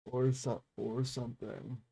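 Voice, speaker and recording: A man co-hosting a casual podcast who speaks in a slow, excitable, laughing way. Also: mid-range voice, creaky.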